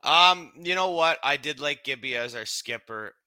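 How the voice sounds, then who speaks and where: A man's voice: on the high side, animated, normal speed, pushed and bright, clean tone, dry recording. A Canadian man co-hosting a sports podcast in easygoing chat, rambling and restarting his sentences. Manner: rambling, self-interrupting, chummy. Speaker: podcast co-host.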